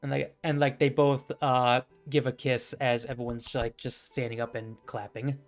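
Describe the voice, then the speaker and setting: A man's voice: medium pitch, level tone, normal speed, faint music behind. A man narrating as the game master of a tabletop game, rambling and full of fillers.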